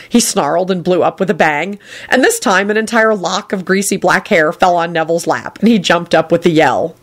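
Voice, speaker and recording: A woman narrating a story aloud in an expressive storytelling manner. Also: fairly low pitch.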